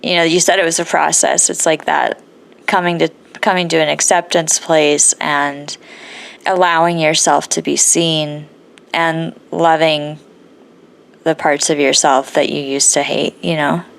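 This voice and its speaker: A woman hosts an interview with a deep, slow, gravelly voice. She affirms her guest and often pauses to search for words. Her tone stays gentle as she reflects. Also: flat delivery. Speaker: podcast host. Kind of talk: empathetic interview conversation.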